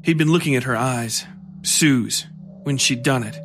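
A man reading a horror story aloud as its storyteller, in a measured, steady way. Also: medium pitch, music in the background. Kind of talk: scripted horror narration.

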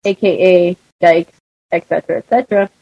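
Husky, profane woman storyteller. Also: lowish voice, a little fast, mellow, no echo, lo-fi sound. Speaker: podcast co-host. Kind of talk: casual chat.

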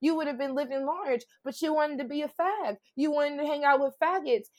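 A preachy, bullying male pimp, as a woman quotes him in her own story. He talks down in crude, hammering lines. The voice sits a little high. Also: normal speed, close to an everyday voice. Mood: domineering. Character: domineering controlling male pimp lecturing.

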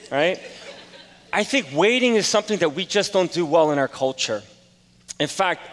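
Bright, high-voiced man preaching. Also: long reverb tail. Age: 40s. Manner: casual storytelling with self-deprecating humor. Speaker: pastor. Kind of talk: sermon.

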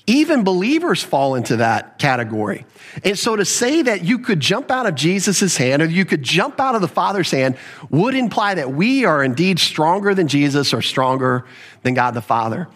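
A man's voice: on the high side, in a large hall. A man giving sermon-style Bible teaching, explaining step by step and leaning hard on key verses.

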